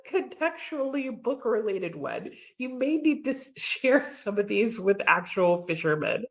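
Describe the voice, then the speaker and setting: An American woman hosting a casual reading livestream, chatting about her book and reading out and answering viewer comments. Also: medium pitch. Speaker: livestream host. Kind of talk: casual readalong chat.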